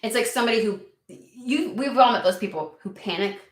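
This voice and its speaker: A woman's voice: on the high side, expressive, fairly quick. Chatty woman doing a tarot reading, curses a lot, rambly, sounds like an echoey room. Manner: chatty, rambling, swears freely, lots of "like". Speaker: tarot reader. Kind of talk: casual tarot reading to camera.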